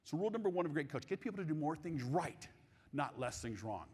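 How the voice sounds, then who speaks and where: Man, keynote speaker, lively pitch swings, long hall reverb. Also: quick pace, breathy edge. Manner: animated, jokey, asks audience questions. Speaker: keynote speaker on sales coaching. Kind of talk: live conference keynote.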